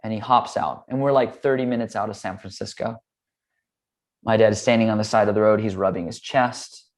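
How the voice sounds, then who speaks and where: Lowish-voiced male yoga teacher, relaxed interview guest, easy storyteller who acts out his characters. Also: a little fast. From Hawaii and California, US. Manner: relaxed, chatty, with many "um" and "like" fillers. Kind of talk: casual conversational storytelling.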